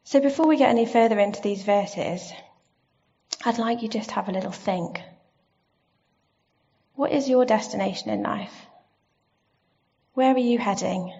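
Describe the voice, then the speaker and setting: A woman giving a sermon in a church, gentle and reflective, asking her listeners questions. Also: mid-range voice, normal speed, vocal fry, pauses often. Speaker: preacher. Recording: slightly dull lo-fi sound.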